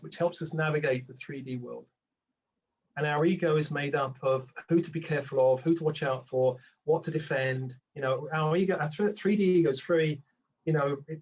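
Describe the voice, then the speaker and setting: A man's voice: medium pitch, a little hiss or hum, poor audio. An older man, a spiritual teacher guest, talking reflectively in a conversational interview and now and then acting out voices. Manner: reflective, rambling with restarts, acts out inner voices.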